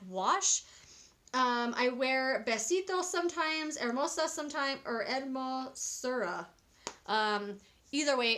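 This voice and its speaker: A young adult woman giving a casual, rambling makeup review to camera, excited and correcting herself as she goes. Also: high voice. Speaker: beauty vlogger.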